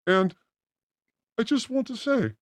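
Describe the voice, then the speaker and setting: A man's voice: very high-pitched, animated, slow pace, no echo, clean studio sound. A man hosting a podcast with a crude, theatrical, joking manner. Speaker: podcast host. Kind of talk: crude casual banter.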